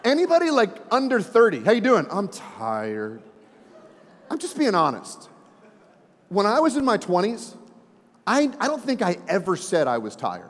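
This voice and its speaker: The sermon comes from a man in his forties whose high-pitched voice keeps a normal speed. Preaching in a church sanctuary with a reverberant sound, he tells stories animatedly and drops chatty, folksy asides to the congregation.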